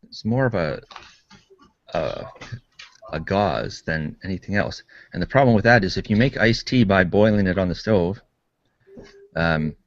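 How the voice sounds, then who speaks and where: A man's voice: low voice, expressive, a little slow, long pauses, dry recording, dull audio. A Canadian man co-hosting a casual chat, explaining everyday things in a methodical way that trails off. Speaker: podcast co-host.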